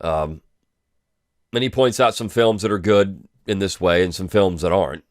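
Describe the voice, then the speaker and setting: A man with a very low voice hosts a weekly review, talking over the week's articles in a relaxed, rambling way full of ums and false starts. The recording is dry and close, with no room sound. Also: normal speed, no room sound. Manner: loose and conversational, with frequent ums and restarts. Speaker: host of a weekly review podcast. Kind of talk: casual spoken commentary.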